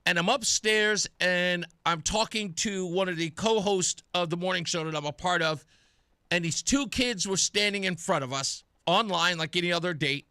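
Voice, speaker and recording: Middle-aged male radio host, chatty storyteller, bright and animated, dry studio sound. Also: high voice, normal speed, smooth, no echo. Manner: chatty storyteller, laughs at himself. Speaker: radio talk show host. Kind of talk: casual radio monologue.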